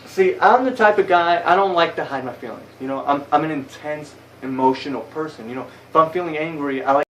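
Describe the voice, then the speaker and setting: A man's voice: fairly high pitch, fairly quick, far from the mic, lo-fi sound, slight background noise. A young man telling a story in a casual vlog, rambling and swearing a lot, heated and blunt. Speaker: vlogger. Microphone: phone camera.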